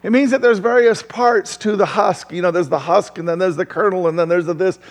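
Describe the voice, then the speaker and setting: A male pastor preaching a sermon in a church, lively, throwing questions to the crowd and chuckling often. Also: high-pitched, brisk, long reverb tail.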